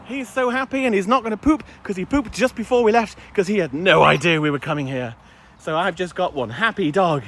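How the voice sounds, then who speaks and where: A man's voice: high voice, fairly quick, background noise. A man livestreaming a dog walk outdoors, chatty and ranting, with some playful crude language, on a handheld phone. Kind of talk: casual chat while walking. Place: outdoors in woods.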